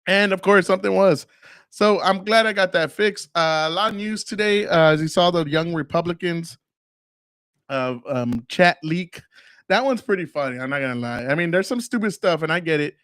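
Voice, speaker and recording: Man in his forties, casual podcast rambling, swears a lot, lingering cough, slightly high voice, dry close sound. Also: expressive, normal speed, a bit bright, no echo. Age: 40s. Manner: loose, profane, rambling with many fillers. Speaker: podcast host. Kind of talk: casual solo podcast talk.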